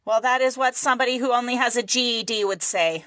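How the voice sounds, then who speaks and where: A woman's voice: on the high side, fast talker, pushed and bright, no room sound, clean studio sound. A woman co-hosting a casual comedy podcast who teases her partner, laughs often and gives mock-serious explanations. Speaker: podcast co-host.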